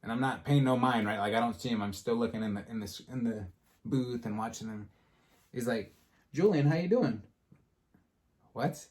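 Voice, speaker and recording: A man hosting a podcast, telling a story in casual chat and acting out the quotes with lively energy. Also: mid-range voice, fairly quick. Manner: animated, acts out quotes in a storytelling style. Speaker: podcast host.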